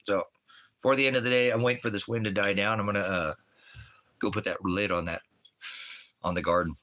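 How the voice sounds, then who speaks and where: A man's voice: fairly low pitch, steady tone, fairly quick, sharp tone. Profane, rambling man ranting at his chat. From Oregon, USA. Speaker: livestreaming vlogger. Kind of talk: casual livestream rant. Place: indoors at home on a farm.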